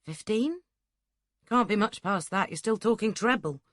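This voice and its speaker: A woman voicing a gruff, wry northern English farmer who teases with blunt questions, in a northern accent. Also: medium pitch, expressive, a little slow, no echo, studio quality, pitched above the performer's own voice, natural voice. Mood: probing.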